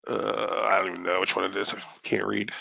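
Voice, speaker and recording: A man's voice: low voice, little pitch movement, brisk, gravelly, pushed and bright, no room sound. A young adult man co-hosting a podcast, talking in a loose, rambling way, cursing freely and restarting his sentences. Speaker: podcast co-host. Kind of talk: casual chat.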